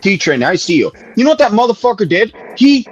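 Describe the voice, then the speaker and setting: A man rants angrily on a livestream, heated and profane, hammering the same jabs again and again. His high voice swings widely in pitch, brisk with a breathy edge. The streaming mic recording sounds muffled.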